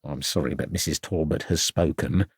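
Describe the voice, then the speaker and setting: A man's voice: medium pitch, sing-song, normal speed, no echo, studio quality. A man voicing a small, meek, nervous lodging-house owner who placates his wife.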